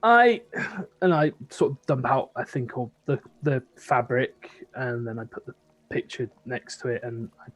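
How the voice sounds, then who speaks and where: A man's voice: medium pitch, big pitch swings, measured pace. A man playing a tabletop game, hesitantly describing what his character does. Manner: hesitant, lots of fillers. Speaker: player.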